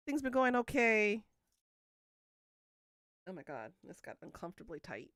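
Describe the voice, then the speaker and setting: A woman's voice: medium pitch, big pitch swings, a little slow, pauses often, fairly bright tone, no room sound, clean studio sound. A woman in her thirties hosting a livestream, chatting casually and teasing her viewers as she answers them. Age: 30s. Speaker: livestream host. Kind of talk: casual chat with live viewers.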